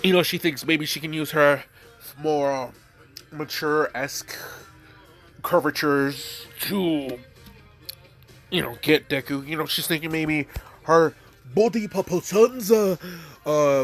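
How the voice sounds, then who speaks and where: A man's voice: on the high side, takes it slowly, pauses often, fairly bright tone, faint music behind. A man with a stuffy nose, casually narrating his own fan story, rambling and loaded with fillers.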